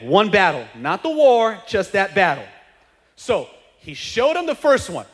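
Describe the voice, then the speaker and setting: A male pastor preaching a sermon, animated, rising to shouts at the peaks. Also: very high-pitched, moderate pace. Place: church sanctuary. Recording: reverberant church hall.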